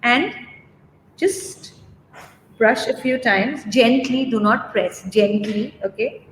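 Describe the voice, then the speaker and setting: A woman's voice: on the high side, takes it slowly. Casting: woman groomer, chatty, reassuring, roomy echo, faint noise behind. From India. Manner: chatty, reassuring, many fillers and "okay?" checks. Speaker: dog groomer. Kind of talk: live demo and Q&A.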